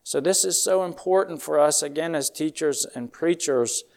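A man preaching a sermon in an earnest, measured way, reading scripture verses aloud and closing in a soft-spoken prayer. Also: fairly high pitch. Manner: earnest, reads scripture aloud in measured old-style phrasing.

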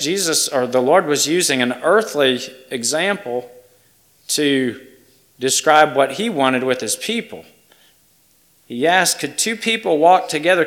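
A man preaching a slow, earnest communion sermon. His voice often drops to a hush. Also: fairly high pitch. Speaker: pastor.

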